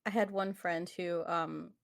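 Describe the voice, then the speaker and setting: A woman's voice: fairly low pitch, steady tone, measured pace, vocal fry. Chatty young woman telling a story. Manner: storytelling with frequent laughs and fillers. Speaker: podcast co-host. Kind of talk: casual chat.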